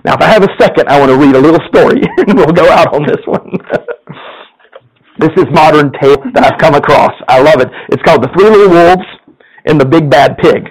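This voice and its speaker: A campus minister preaching a sermon, telling a story with frequent chuckles and animated delivery. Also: male voice, on the high side, fairly quick, poor audio.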